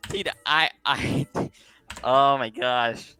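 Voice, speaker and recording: A man's voice: medium pitch, very slow, music in the background. A man co-commentating a live esports match, rambling and stammering with hype, his voice wearing out. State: losing his voice.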